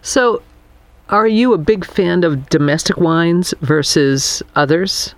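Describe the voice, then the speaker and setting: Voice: mid-range voice, animated, slow, no room sound. Friendly radio host asking questions, dry sound. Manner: friendly, laughs often, asks questions. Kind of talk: casual radio interview.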